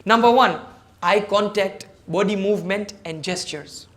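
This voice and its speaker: Slightly slow and fairly bright in tone, a high-pitched man speaks as a guest at a service club forum over video call. He gives an emphatic motivational lecture about public speaking, enumerating points and directing questions at his audience.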